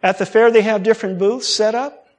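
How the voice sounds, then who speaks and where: A middle-aged preacher with a notably high voice, giving a sermon. He tells stories in an animated way and acts out the people he quotes, and his speech rises and falls with the story. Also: a little fast.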